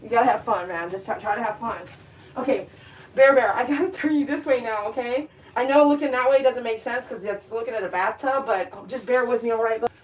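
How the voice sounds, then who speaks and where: A woman's voice: a little high, fairly quick, rough recording. A woman, a dog groomer chatting casually and bluntly while she works, talking both to the dog and to her viewers. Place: grooming room. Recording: clipper buzz behind the voice.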